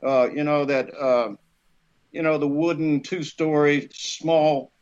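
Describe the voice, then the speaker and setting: A man, an actor guest, telling a lively anecdote, acting out voices and laughing often. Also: on the high side, slow, lo-fi sound. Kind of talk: animated storytelling.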